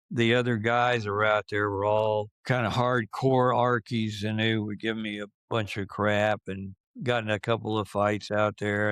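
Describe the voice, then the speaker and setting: Unhurried older man in his seventies, smooth voice. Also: on the low side, a bit bright, no echo. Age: 70s. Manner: halting, with many fillers and restarts. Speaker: interviewee recalling his youth. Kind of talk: casual reminiscing.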